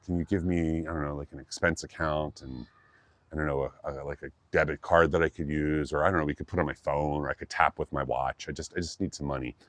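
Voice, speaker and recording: Dude playing a chill drifter guy asking for stuff, super deep voice, dry sound. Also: steady tone, quick pace, no echo. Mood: easygoing. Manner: casual, rambling, slangy. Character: laid-back young male drifter servant.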